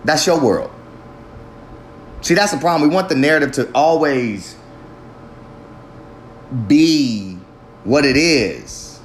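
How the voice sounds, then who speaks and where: High-voiced man ranting in a roomy space. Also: a little hiss or hum. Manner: heavily profane, ranting, emphatic. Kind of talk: impassioned monologue. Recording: roomy echo.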